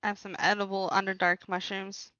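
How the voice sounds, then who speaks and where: A woman playing a tabletop game, talking in a flat, matter-of-fact way. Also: medium pitch, a little fast, clear, resonant tone, no echo, dull audio. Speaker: player.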